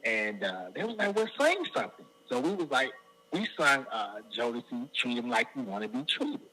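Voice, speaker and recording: A middle-aged man from the Washington DC area tells a story in an interview, his voice very bright and forceful. His pitch swings widely as he acts out what other people said. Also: expressive, moderate pace, breathy edge, poor audio. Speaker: guest singer.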